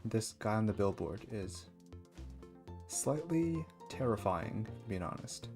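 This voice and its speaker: A man casually chatting while streaming a game, relaxed and chatty. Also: fairly low pitch, slow pace, music in the background. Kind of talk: casual gameplay commentary.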